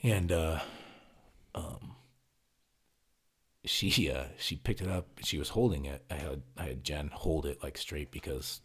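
Very deep raspy guy on a podcast, swears a lot, acts out the quotes. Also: a little slow. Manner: animated retelling, acting out quotes, swearing freely. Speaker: podcast co-host telling a story. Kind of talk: casual storytelling chat.

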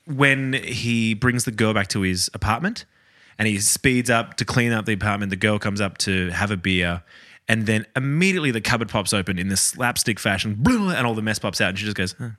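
A man's voice: on the low side, expressive, fairly quick, bright, forceful tone. A man in a casual podcast chat who jokes around, laughs often and recounts the plot of a film. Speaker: podcast co-host.

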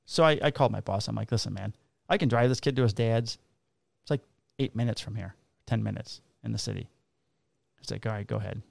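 A man's voice: medium pitch, creaky, no echo. A man, a police officer casually telling profane stories and acting out the dialogue. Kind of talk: casual storytelling chat.

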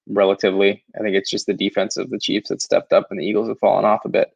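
Low-voiced man on a dull mic. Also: completely flat delivery, fast talker, creaky, husky. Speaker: podcast co-host. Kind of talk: casual sports betting chat.

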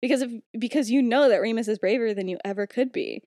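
A woman's voice: a little high, fast, dark tone, no echo, lightly acted. Girl doing a hotheaded teen wizard boy, blunt and snappy, dry close sound. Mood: angry. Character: hot-tempered teenage boy wizard, angry.

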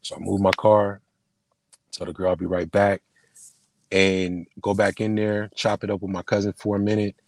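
A man, a podcast guest, telling an emotional personal story in casual conversation, halting and full of slang and restarts. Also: fairly low pitch, level tone, vocal fry, no room sound. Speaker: podcast guest, film producer and screenwriter.

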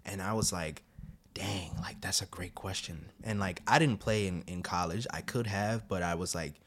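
A young man hosting a podcast, telling long rambling stories and acting out quotes in sudden high voices. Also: moderate pace, a bit bright, a little hiss or hum. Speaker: podcast host. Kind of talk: casual podcast chat.

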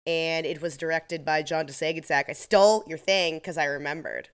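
Podcast co-host, woman, 30s, low-pitched, rambling casual chat. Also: clear, resonant tone. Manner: chatty, rambling, quick to laugh.

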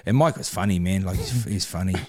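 A man's voice: deep voice, quick pace, a little mellow, dry recording, studio quality. A man with a New Zealand accent, a guest on a podcast, telling stories in a laid-back, casual way, swearing freely and laughing as he goes. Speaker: podcast guest, former boxer. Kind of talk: casual interview storytelling.

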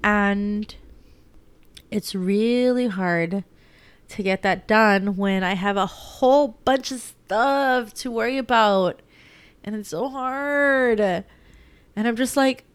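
A young woman vlogs casually about her day in a chatty, rambling way with lots of fillers, holding back tears as she talks. Her medium-pitched voice is clean in tone and a little slow, on a dry recording.

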